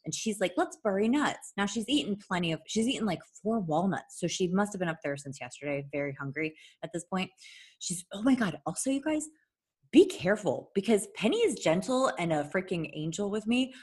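A woman telling a long story in casual chat, animated, swearing freely and laughing often. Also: medium pitch, fairly quick, slightly rough.

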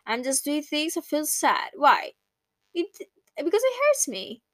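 High-voiced woman in an emotional, candid monologue. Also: very animated, measured pace, fairly bright tone, no room sound. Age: young adult. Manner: emotional, candid, swears casually. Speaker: podcast host. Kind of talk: reflective personal monologue.

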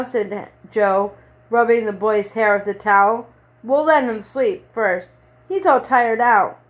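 A woman with a fairly high voice reads a children's story aloud at an even storytelling pace. She lifts her voice slightly for the children's lines but stays herself throughout. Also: lo-fi sound. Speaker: storybook reader.

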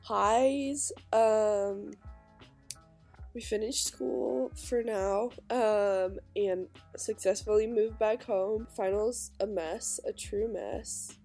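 A young woman with a stuffy, nasal voice from a cold, co-hosting a casual podcast from her bedroom over a video call, relaxed and full of ums. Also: mid-range voice, faint music behind. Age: young adult. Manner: relaxed and unhurried, with frequent ums. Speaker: podcast co-host. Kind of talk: casual chat. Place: own bedroom.

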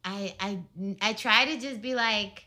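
Young female co-host, frank talker, bright forward tone. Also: a little high, a little slow. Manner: frank, talkative, many "like" fillers. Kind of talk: casual chat.

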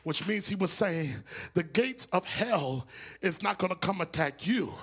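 A man pastor, preaching a sermon that climbs from quiet teaching to shouted, sing-song preaching. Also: high voice, animated, measured pace, husky.

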